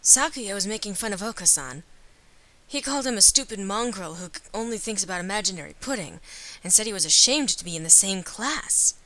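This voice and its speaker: Woman voicing meek battered young male bird, subdued, mournful, lively pitch. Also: brisk, rough recording.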